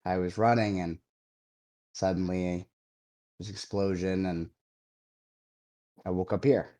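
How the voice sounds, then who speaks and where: Slow, low-voiced man tabletop player. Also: steady tone, warm tone. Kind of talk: in-character tabletop play.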